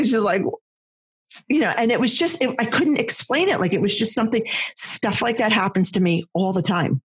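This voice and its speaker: A woman tells a personal story in a casual chat. Her voice is husky and breathy, and she talks in an animated way, full of fillers and restarts. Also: fairly high pitch, a little fast.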